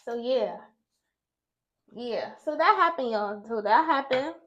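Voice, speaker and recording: A young woman vlogger telling an exasperated, animated story to her viewers while doing her makeup. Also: on the high side, slow, muffled recording, slight background noise. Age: young adult.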